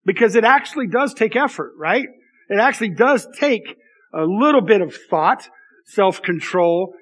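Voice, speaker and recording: A man's voice: high voice, fairly bright tone, breathy edge. A man in his thirties, a pastor giving a conversational, self-deprecating sermon with frequent asides to the congregation.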